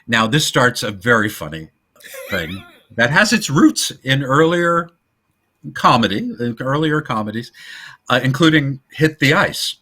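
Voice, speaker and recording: A man's voice: mid-range voice, a little slow. A man co-hosting a podcast, chatting casually about an old film and acting out the lines in different voices. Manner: animated retelling, acting out quotes in voices. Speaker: podcast co-host.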